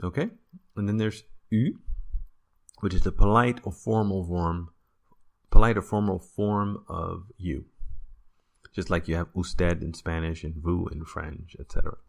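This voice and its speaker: A man's voice: low voice, unhurried, vocal fry, long pauses. A man teaching a casual language lesson on video, explaining patiently with small restarts and the odd playful joke. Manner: relaxed explaining, with fillers and corrections.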